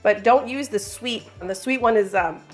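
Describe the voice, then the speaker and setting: A woman's voice: mid-range voice, moderate pace, soft background music. A woman hosting a home baking video, chatting along in an upbeat, thinking-aloud way in her kitchen. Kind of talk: casual baking vlog chat.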